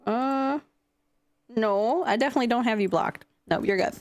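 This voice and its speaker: A woman's voice: fairly high pitch, normal speed, no room sound. A young adult woman streamer chatting casually and scatteredly with her chat, swearing now and then. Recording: faint music behind.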